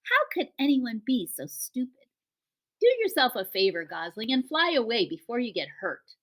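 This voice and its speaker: A woman's voice: on the high side, very animated, moderate pace, a bit bright, voice pushed up. A woman voicing a bossy young female bear who bullies with sarcastic, mocking talk.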